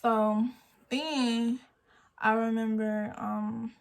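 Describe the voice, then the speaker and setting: An eighteen-year-old woman tells a storytime vlog, acting out everyone's lines as she goes. Her voice sits a little high, and she is recorded on a phone camera. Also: extremely slow, gravelly. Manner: animated storytelling, acting out quotes. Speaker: vlogger.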